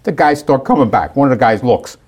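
A man casually telling a long, animated story and acting out the people in it. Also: medium pitch, a little fast, slightly rough. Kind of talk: casual anecdote.

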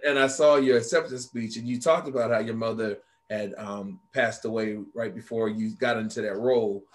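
A man hosting a talk show, asking questions in a relaxed, encouraging way. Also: lowish voice, moderate pace. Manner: encouraging, frequent backchannel yeahs. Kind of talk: casual interview chat.

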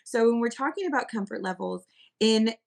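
Woman podcast host, casual and bubbly, a bit of fry in the voice. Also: a little high, brisk. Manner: bubbly, giggly, animated. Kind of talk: casual chat. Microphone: streaming podcast mic.

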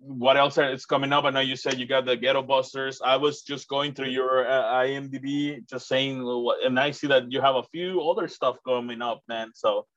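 A man's voice: medium pitch, fairly even intonation, moderate pace, hardly any pauses, a bit bright, dry recording, lo-fi sound. A man from Mexico interviewing a guest in casual chat, rambling with many restarts. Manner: rambling, many restarts, acts out quoted voices.

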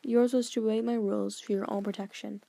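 Playing an old grandfather, a woman drops a little lower and quieter than her narration, delivering stern, formal, grave lectures at a measured pace. Her tone stays steady, with some vocal fry.

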